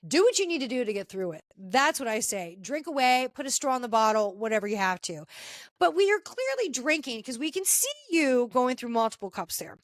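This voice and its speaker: A woman's voice: on the high side, big pitch swings, fairly quick, no echo. A woman hosting a podcast, chatting casually and with strong opinions as she recaps a reality TV episode. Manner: chatty and opinionated, talking straight to cast members. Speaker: podcast host.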